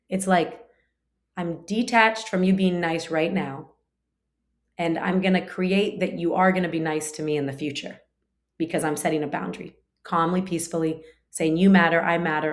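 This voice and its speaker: A woman's voice: fairly low pitch, steady tone, moderate pace. A woman teaching a spiritual class in a conversational way, full of fillers and restarts, now and then acting out short quoted lines. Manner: acts out short quoted lines in her talk.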